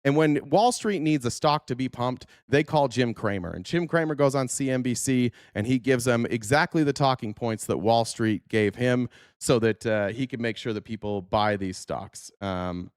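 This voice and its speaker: A man's voice: mid-range voice, moderate pace, no echo. A man runs a political livestream in a dry, close-miked sound. He rants with heat and profanity and stumbles through restarts as he reacts to clips and chat. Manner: heated, profane, ranting with restarts. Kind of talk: casual livestream commentary.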